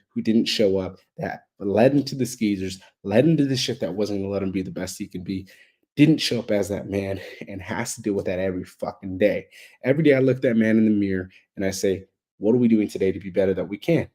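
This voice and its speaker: A man's voice: lowish voice, dark tone, breathy edge. A man delivering a blunt, heavily profane motivational monologue, hammering his points with repetitive emphatic build-ups. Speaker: motivational speaker.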